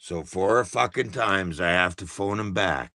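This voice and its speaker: A man's voice: low voice, a little slow, creaky, bright, forceful tone, no echo, clean studio sound. A Canadian man hosting a live broadcast, delivering a heated, profane rant. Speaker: livestream host. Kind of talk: angry ranting monologue.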